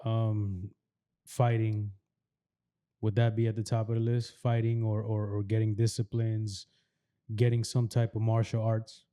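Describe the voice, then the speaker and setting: A man's voice: on the low side, monotone, unhurried, dark tone, clear, resonant tone. A man hosting a casual interview, agreeable and reflective as he asks his questions. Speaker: podcast host.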